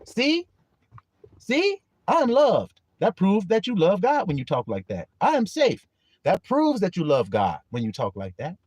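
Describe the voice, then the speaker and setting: A man hosting a live stream with a casual monologue, joking and swearing as he tells animated stories. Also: high voice, normal speed, no room sound. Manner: animated, profane, joking storytelling. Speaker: livestream host.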